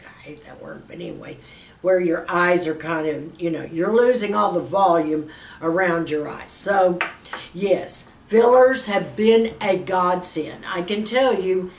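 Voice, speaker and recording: A woman beauty vlogger answering viewer questions in a frank, chatty way. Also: fairly low pitch. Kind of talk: casual Q&A chat to camera. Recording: roomy echo, a little far from the mic, faint background hiss.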